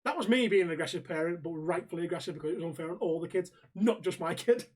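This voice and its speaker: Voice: mid-range voice, rapid-fire, breathy edge. Podcast co-host, casual and blunt, swears freely, tells anecdotes with quotes. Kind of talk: casual ranting chat.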